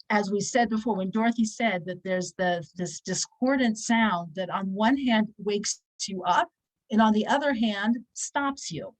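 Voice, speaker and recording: Woman giving a chatty torah class, mid-pitched voice, repeats stuff for emphasis, does little voices. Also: low-quality recording. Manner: animated, acts out little quoted voices; repeats key phrases for emphasis. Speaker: teacher of a weekly women's Torah class. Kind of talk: conversational religious lesson.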